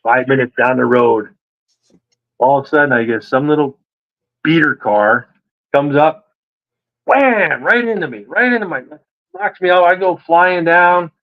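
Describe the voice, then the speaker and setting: A man telling a story in a casual interview, animated and acting out the voices of the people he quotes. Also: a little high, measured pace, pauses often, narrow, tinny audio. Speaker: guest.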